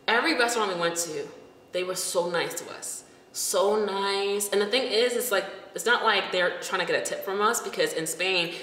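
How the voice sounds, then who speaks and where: A young woman in her twenties, telling a travel story in a casual vlog and acting out the quotes in a lively way. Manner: animated storyteller, acts out quotes in a high voice. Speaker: vlogger. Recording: echoey room with faint noise.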